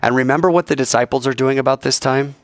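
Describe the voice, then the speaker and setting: A man's voice: medium pitch, fast talker. A man preaching a sermon, telling the story with energy and acting out the voices of the people in it. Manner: animated storytelling, acts out voices, swings from loud to soft.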